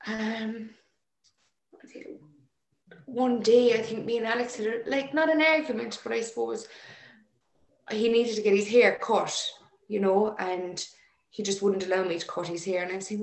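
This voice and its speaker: A woman telling a personal story in an emotional, halting way with many restarts. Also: medium pitch. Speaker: interview guest. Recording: echoey room.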